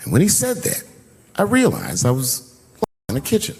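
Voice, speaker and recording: A middle-aged man telling a profane, animated story as a stand-up comedian. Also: fairly high pitch, moderate pace, gravelly, breathy edge. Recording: live venue with long reverb.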